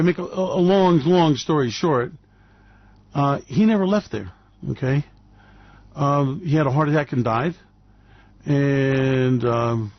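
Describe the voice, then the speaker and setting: A man's voice: medium pitch, no room sound, highs cut off. An older man hosting a radio show, telling long blunt stories about money with many hesitations and fillers. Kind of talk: rambling radio monologue.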